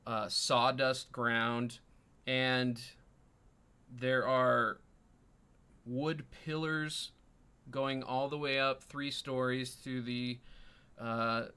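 A man narrating as dungeon master in an unhurried way, pausing often with ums. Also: mid-range voice, level tone, pushed and bright, smooth. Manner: unhurried, many ums and pauses. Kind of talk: narrating a tabletop game.

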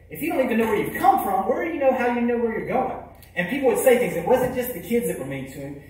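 A man's voice: high-pitched, distant mic. Emphatic man in an echoey hall. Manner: emphatic, swings between loud punches and hushed lines. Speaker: keynote speaker. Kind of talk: motivational storytelling talk. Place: large hall.

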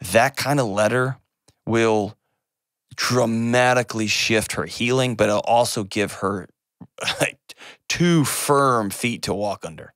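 A man's voice: medium pitch, slow, fairly bright tone, smooth, no room sound, studio quality. A middle-aged man hosting a call-in advice show, speaking earnestly and emphatically, often repeating words for weight.

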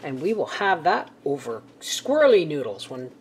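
A woman's voice: low voice, very animated, moderate pace, noisy background. A middle-aged woman chatting casually to viewers as she cooks in her home kitchen. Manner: chatty and homey, talking to viewers while cooking. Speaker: homestead cooking vlogger. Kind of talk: casual cooking narration.

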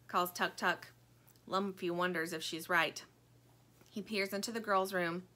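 A woman reading a children's storybook aloud in an expressive, animated storytelling manner. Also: mid-range voice, moderate pace. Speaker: audiobook narrator.

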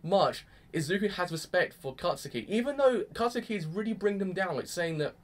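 A young man casually reviewing an anime episode, excitable and gushing, peppering his talk with "freaking". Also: high-pitched, brisk.

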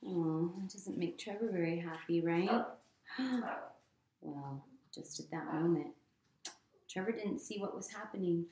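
A woman reading a picture book aloud to children in a gentle manner, often pausing to ask them questions. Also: lowish voice, reverberant. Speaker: storytime reader.

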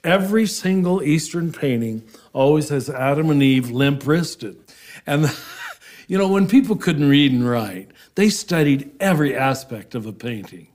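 A Franciscan priest, a man, explaining theology in an unhurried, earnest conversational interview. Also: on the high side. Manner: earnest, animated, breaks into soft laughs.

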